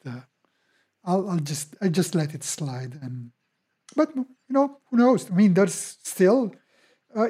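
Husky, mellow-voiced male podcast host. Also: fairly high pitch. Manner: thoughtful, hesitant, many restarts. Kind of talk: casual interview conversation.

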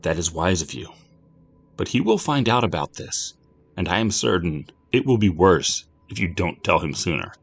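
A chilly, imperious storybook woman with a curt, commanding way of speaking, as a male narrator puts her on. Her voice stays low and soft, with a lively rise and fall. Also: moderate pace, gravelly, breathy edge, full character voice. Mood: cool. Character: tall, cold, imperious pale woman.

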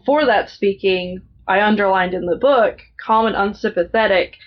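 Woman guest host, laid-back book chat, hesitant fillers, mid pitch, dull lo-fi audio. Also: normal speed. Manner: relaxed, hesitant, thinks aloud with fillers. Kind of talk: casual book discussion.

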